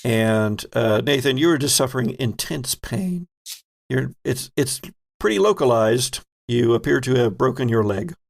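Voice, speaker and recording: A man running a tabletop horror game as game master, narrating scenes slowly and deliberately. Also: medium pitch, expressive, creaky.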